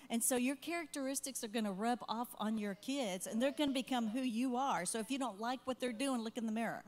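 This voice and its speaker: A woman's voice: on the high side, fairly quick. An older woman, a grandmother, sharing heartfelt parenting advice in a church Q&A conversation, earnest and rambling with asides.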